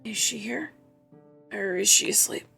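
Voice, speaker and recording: A woman playing in a tabletop game, easygoing and casual. She talks slowly with a bright tone. Faint music sits in the background. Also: medium pitch, creaky. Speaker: player.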